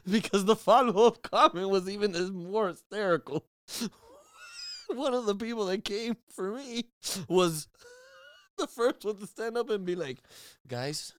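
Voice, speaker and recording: A man's voice: sits high, measured pace, no room sound. A man in casual chat who laughs often and chimes in with short interjections.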